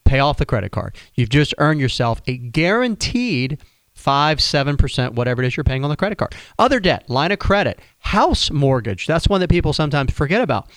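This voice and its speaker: A man hosting a radio advice show with a smooth, resonant voice. He talks in a casual, folksy way and often restarts his sentences. The studio sound is close and dry. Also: a little high, very animated, a little fast, dry recording. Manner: conversational, folksy, frequent restarts. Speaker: radio show host, financial planner.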